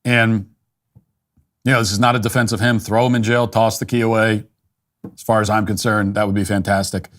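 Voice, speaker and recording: A man's voice: fairly low pitch, level tone, a little fast, long pauses, a bit bright. Blunt man with a dismissive monologue. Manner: blunt, dismissive, frequent restarts and fillers. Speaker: political commentator. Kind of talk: opinionated monologue.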